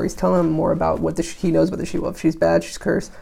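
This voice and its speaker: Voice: mid-range voice, level tone, quick pace, gravelly, few pauses, mellow, slightly rough. A podcast host who reads archaic verse aloud, then explains it in loose, casual paraphrase full of likes and you-knows. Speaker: podcast host reading and interpreting a poem. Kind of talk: casual explanatory reading with commentary.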